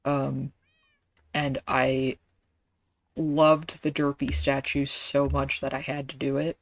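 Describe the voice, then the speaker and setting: A woman's voice: rumbling low, little pitch movement, takes it slowly. A woman streaming a game, chatting casually and rambling with lots of fillers and self-deprecating asides.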